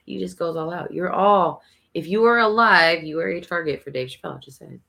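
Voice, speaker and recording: A podcast co-host with a gravelly, fry-edged voice, chatting in a relaxed way. The delivery is laid-back and chatty, with a mid-range pitch. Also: fairly quick. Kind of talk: casual chat.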